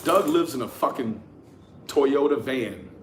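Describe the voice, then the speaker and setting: Man, adult, YouTube commentator, blunt and profane, animated storytelling with frequent restarts, mid-range voice, faint noise behind. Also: medium pitch, a little slow. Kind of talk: casual storytelling to camera.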